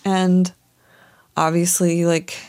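A woman's voice: on the low side, level tone, slow pace, darkish tone. A woman hosting a podcast, telling a personal story in a candid, emotional way with many "like" fillers, at times tearful. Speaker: podcast host.

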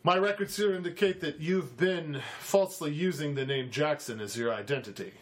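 A stiff, officious armored paladin, voiced by a man in a tabletop game, his voice pitched up. He is formal and bureaucratic, reading from his records. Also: moderate pace, natural voice.

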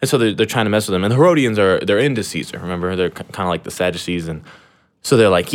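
A young man with a deep voice hosts a podcast, talking fast in a casual, rambling way. He uses plenty of slang, fillers, and restarts, and his humor is irreverent and self-deprecating.

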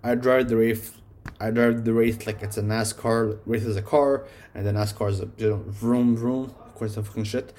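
A man's voice: fairly low pitch, steady tone, fairly quick, darkish tone. A man casually reviewing his favorite songs, rambling and swearing, filling his talk with "like". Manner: rambling, swearing, heavy use of "like". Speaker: music reviewer.

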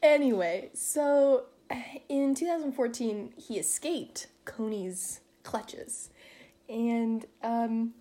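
A woman's voice: fairly high pitch, dark tone. A woman co-hosting a casual true-crime podcast, telling the story in a chatty way and laughing often. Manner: fast, chatty storytelling with fillers. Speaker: podcast co-host.

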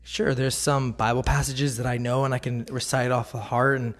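A man's voice: medium pitch, flat delivery, moderate pace. A man giving a casual devotional talk, earnest and conversational, often laughing. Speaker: Christian speaker.

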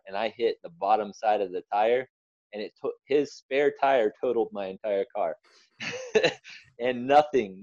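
Deep, dark-voiced young man telling a story. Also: no echo, muffled recording. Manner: earnest, rambling storyteller with restarts. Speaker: interview guest. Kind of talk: personal testimony.

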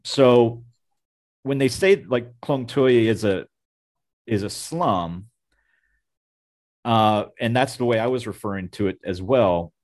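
A man's voice: mid-range voice, takes it slowly, long pauses, darkish tone. A man interviewing a guest, asking long rambling questions full of "like" and "you know". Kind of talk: casual interview.

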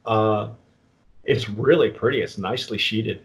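A man hosting a casual tequila tasting chat, rambling and restarting often. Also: fairly low pitch. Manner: rambling, halting, with many restarts and fillers. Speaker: tequila review host.

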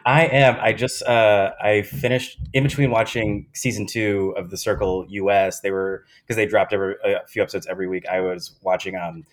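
A man on a podcast chatting eagerly about a show he loves, excitable and quick to share details. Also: on the low side. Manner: enthusiastic fan, chatty and excitable. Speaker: podcast co-host. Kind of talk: casual chat.

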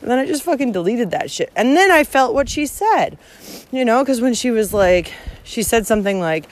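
A woman's voice: fairly high pitch, big pitch swings, normal speed. A woman records herself outdoors on a hiking trail. She talks bluntly and swears heavily, with frequent laughs in a casual rant. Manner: profane, blunt, laughs often. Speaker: hiking vlogger. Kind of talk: casual rant while walking.

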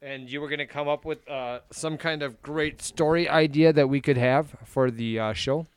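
A man's voice: fairly high pitch, fairly even intonation, smooth, no room sound. Midwestern man, casual podcast co-host. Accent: Upper Midwest American. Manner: mutters and swears at equipment, reads aloud haltingly. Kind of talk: casual chat.

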